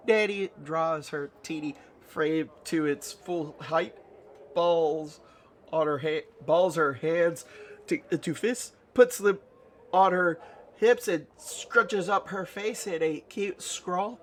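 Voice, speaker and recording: A man reading game dialogue aloud with commentary in a slow, musing, low-key way.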